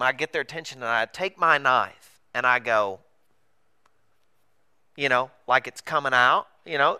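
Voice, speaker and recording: A man's voice: fairly high pitch, bright, forceful tone, clean tone, no echo. A man telling a funny mission-trip story as a sermon, acting out the voices of people and laughing as he goes.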